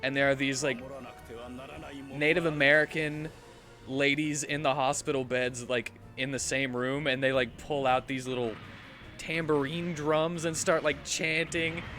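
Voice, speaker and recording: Slow, rambling man streamer. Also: medium pitch, flat delivery, bright, forceful tone. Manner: rambling, halting retelling full of "like". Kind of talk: casual chat while gaming. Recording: faint game music behind.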